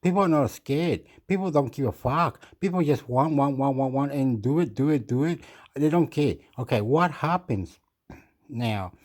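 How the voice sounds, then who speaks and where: Man, rambling rant, excitable, swears a lot, repeats himself, clears throat, mid-pitched voice. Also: normal speed. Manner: excitable, profane, repetitive, clears throat often. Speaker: video commentator.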